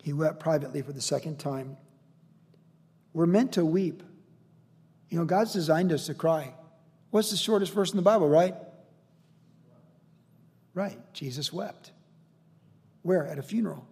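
Earnest preacher with a gravelly voice. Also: male voice, on the high side, measured pace, long pauses, a little mellow, long reverb tail. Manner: earnest, conversational, emotional, with rhetorical questions. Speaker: pastor. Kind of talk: verse-by-verse Bible teaching.

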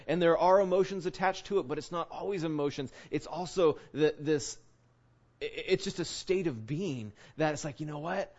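A man's voice: fairly high pitch, a little mellow. A man giving a conversational Bible teaching, earnest, often checking in with his listeners and restarting his words. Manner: earnest, keeps asking "right?", restarts words. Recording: dull lo-fi recording.

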